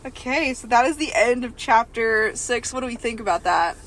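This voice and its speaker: A young woman reads a book aloud for a podcast, often breaking off into giggles and asides. Her voice sits a bit high, with a faint hiss of background noise. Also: lively intonation, normal speed, a bit bright. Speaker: podcast co-host. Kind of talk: reading a novel aloud with joking asides.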